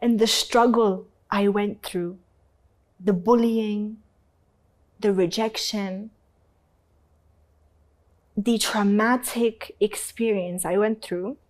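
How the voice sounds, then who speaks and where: A woman's voice: mid-range voice, slow pace, pauses often. A woman guest in an interview telling her own story with emphasis and a bit of casual swearing. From North Africa. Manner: animated, emphatic, acts out other people's voices.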